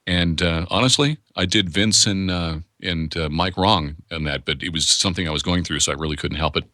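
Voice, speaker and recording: Deep, bright-voiced man chatting candidly. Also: fairly quick, dry recording, studio quality. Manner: candid, rambling with restarts. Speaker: voice actor guest. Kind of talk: casual interview talk.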